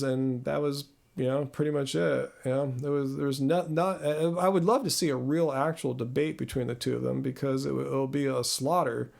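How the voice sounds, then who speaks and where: Gravelly, chatty man hosting a live stream. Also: medium pitch, steady tone, moderate pace, hardly any pauses, a little mellow. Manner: rambling, chatty, self-deprecating. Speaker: host.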